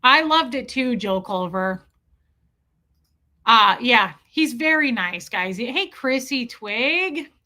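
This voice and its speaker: A woman from the US Midwest chatting fast on a live stream, telling stories, swearing, and reading chat names. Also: fairly high pitch, animated, pushed and bright. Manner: fast-talking, swearing, laughing storyteller.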